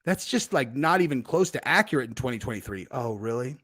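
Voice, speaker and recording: A man hosting a casual livestream, rambling loosely with frequent fillers and swings from loud to quiet. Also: mid-range voice, fast talker, breathy edge. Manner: animated swings in loudness. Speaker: host.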